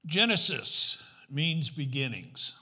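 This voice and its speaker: A man's voice: fairly high pitch, very animated, slow, bright, forceful tone, breathy edge. A man as guest pastor giving a sermon in a church, conversational, putting questions to the congregation, with light self-deprecating humor. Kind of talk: sermon with a joke opener.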